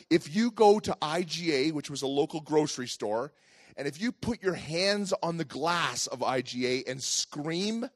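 Lively storytelling pastor, a man. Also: a little high, no room sound, clean studio sound. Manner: lively, acts out voices in his story, then turns quiet and earnest. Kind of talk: family sermon with personal storytelling.

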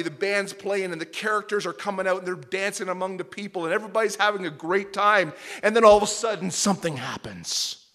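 A middle-aged male pastor preaching a sermon, telling a personal story in an animated way that swings from soft and tender to loud and excited. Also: sits high. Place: church service before a congregation.

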